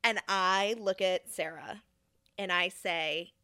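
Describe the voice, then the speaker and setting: A young woman vlogger telling a casual story, animated and exasperated, often acting out what people said. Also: on the low side, a little slow, no room sound, studio quality.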